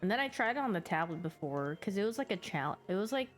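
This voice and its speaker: A young woman chats casually on her stream, bubbly and quick to giggle. She slips into playful little voices for her pets as she talks. Soft music plays faintly underneath. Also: mid-range voice, big pitch swings.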